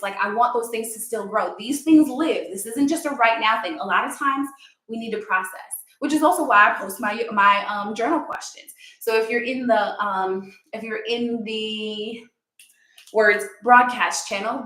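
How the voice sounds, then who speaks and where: Woman yoga coach, casual pep talk, higher voice, roomy echo. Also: bright, forceful tone. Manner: chatty and encouraging, with fillers. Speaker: yoga teacher and confidence coach.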